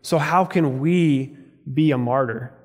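A man's voice: medium pitch, slow pace, big-room sound. A man preaching a sermon in a church, telling stories in a conversational way. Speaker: pastor. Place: church sanctuary.

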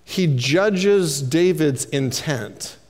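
A man's voice: on the high side, expressive, drawn-out words, a little mellow, in a large hall. A man preaching a sermon, telling stories and acting out the lines of the people he quotes. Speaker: pastor.

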